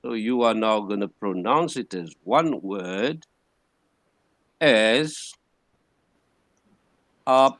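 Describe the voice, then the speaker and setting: A man teaching a language class, patiently repeating words slowly to model their pronunciation. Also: fairly low pitch, expressive, a bit bright, no echo, studio quality. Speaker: Greek teacher. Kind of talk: classroom lecture.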